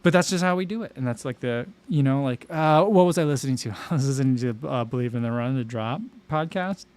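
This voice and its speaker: An American man hosting a casual livestream, talking in a rambling, animated way with lots of fillers and restarts. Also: medium pitch, fast talker. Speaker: livestream host.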